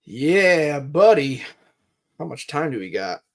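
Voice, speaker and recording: A man's voice: a little high, sing-song, slow. A man in his thirties co-hosting a podcast, explaining in a rambling way with many fillers. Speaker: podcast co-host. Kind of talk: casual chat, market talk.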